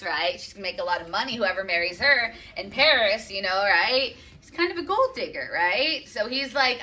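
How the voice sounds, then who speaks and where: A woman's voice: mid-range voice, expressive, normal speed, hardly any pauses, pushed and bright, far from the mic. A woman teacher explaining a play in a casual, chatty way. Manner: chatty, lots of "right?" and "like".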